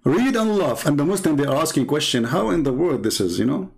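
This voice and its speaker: On the high side with lively intonation, this man speaks briskly in a creaky, slightly rough voice. He's a Christian apologist from the Arab world with an Arabic accent, mocking and sarcastic in his polemical commentary, taunting with bursts of repeated words.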